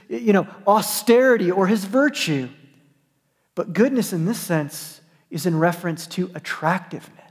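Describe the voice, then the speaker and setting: A man's voice: sits high, in a large hall. A man preaching a sermon as a pastor, earnest and emphatic, repeating and restarting his phrases.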